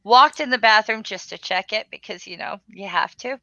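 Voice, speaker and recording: A woman's voice: medium pitch, moderate pace, pushed and bright, dry recording, lo-fi sound. A woman in casual live-stream chat, telling stories in a blunt, profane way.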